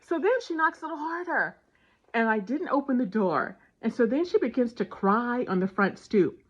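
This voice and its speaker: A woman casually telling a family story and giving parenting advice, animated and acting out the dialogue. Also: on the high side, moderate pace, breathy edge. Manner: animated retelling with voiced dialogue. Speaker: parenting vlogger. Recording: dull lo-fi sound.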